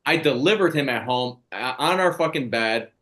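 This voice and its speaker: A man's voice: mid-range voice, expressive, normal speed, pushed and bright. A man in his forties, a podcast co-host, telling stories in blunt, profane casual chat. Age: 40s.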